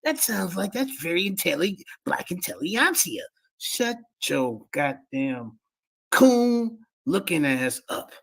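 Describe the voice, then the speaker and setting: Gravelly man shouting mocking commentary. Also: high voice, very animated, slow pace. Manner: loud, mocking, shouting in disbelief. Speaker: show host. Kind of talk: mocking commentary over played clips.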